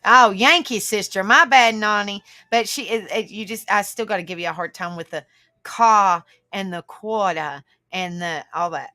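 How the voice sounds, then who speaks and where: Lady chatting on her livestream, bright higher voice, dry close sound. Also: moderate pace, no room sound. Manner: warm greetings to viewers, calling them honey and sister, laughing often. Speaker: livestream host. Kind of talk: casual livestream chat.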